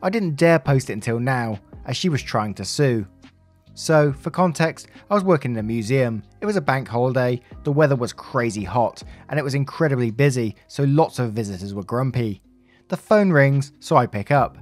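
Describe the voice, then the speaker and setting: A man's voice: medium pitch, lively intonation, a little fast, no echo, soft background music. A man reading online stories aloud as a channel narrator, with chatty asides to viewers. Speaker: story narrator.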